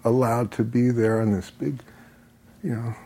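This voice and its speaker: Husky older dude rambling thru a story on a podcast, laid back, chuckly, cusses a lot. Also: male voice, mid-range voice, fairly even intonation, unhurried, mellow. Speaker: podcast guest. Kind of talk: casual storytelling.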